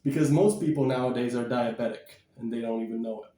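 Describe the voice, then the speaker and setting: A man vlogging about diet and exercise in a blunt, energetic, preachy way, sometimes moving about as he talks. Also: medium pitch, quick pace, reverberant, distant mic. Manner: energetic, bouncing and shadow boxing while talking. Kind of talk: casual motivational vlog.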